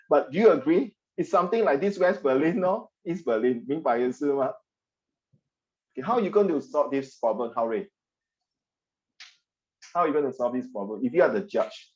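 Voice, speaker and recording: Animated man teaching history online. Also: mid-range voice, normal speed, long pauses, highs cut off. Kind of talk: online class lecture.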